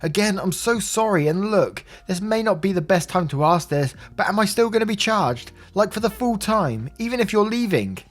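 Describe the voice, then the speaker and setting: A man's voice: a little high, animated, moderate pace. A man voicing a nervous, awkward young classmate who stammers and keeps apologizing. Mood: apologetic. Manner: stuttery, hesitant, apologetic.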